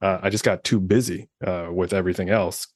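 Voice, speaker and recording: A man's voice: low-pitched, fairly even intonation, brisk, darkish tone, no echo, studio quality. A man in his thirties co-hosting a podcast, chatting casually, rambling with lots of fillers and swearing freely. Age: 30s. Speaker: podcast co-host. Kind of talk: casual chat.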